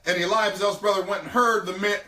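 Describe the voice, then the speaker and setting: A man delivers a sermon, restating old scripture in plain, lively everyday words. His voice sits high and bright, with a forceful edge. The room adds a noticeable echo, and he sounds a little distant from the microphone. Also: fast. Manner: animated, retells scripture in casual everyday talk. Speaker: preacher teaching on business and faith.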